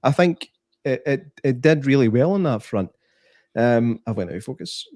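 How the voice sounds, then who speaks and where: A Scottish man talks films with a mate on a podcast, eager and rambling, quick to laugh. His voice sits in a middle pitch. The sound is dry and close. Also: a little mellow, dry recording. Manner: enthusiastic, rambling, laughs often. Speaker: podcast co-host. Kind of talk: casual film review chat.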